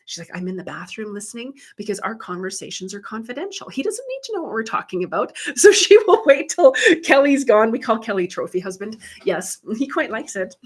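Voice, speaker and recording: A woman's voice: on the high side, a bit bright, slightly rough. A woman working as a spiritual medium, chatting casually with viewers on a live stream, swearing freely and laughing often. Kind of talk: casual livestream chat with viewers.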